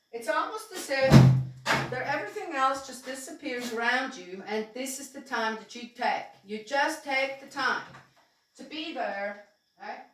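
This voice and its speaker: A woman with a high, light voice tells her own story in a loose, conversational ramble, dotted with fillers, soft chuckles and remarks to herself. She sits some distance from the microphone in a strongly echoing room, with a faint hiss underneath. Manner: rambling, with many fillers and frequent soft laughs; talks to herself aloud. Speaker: spiritual storyteller. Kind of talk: casual spoken memoir narration.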